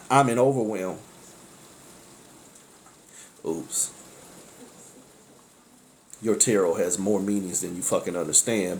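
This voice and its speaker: A man giving a casual spiritual tarot talk. He speaks bluntly with profanity, breaks in with frequent exclamations, and jumps between sharp high outbursts and low asides. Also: a little hiss or hum. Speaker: tarot reader.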